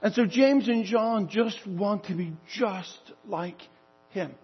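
Husky, high-voiced older male pastor. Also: slow pace, big-room sound, lo-fi sound, faint music behind. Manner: storytelling, acting out dialogue. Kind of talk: sermon.

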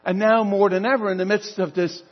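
A man's voice: sits high, steady tone, brisk, long reverb tail, highs cut off. An older man preaching a sermon as a pastor, telling the story in a conversational way and acting out the dialogue.

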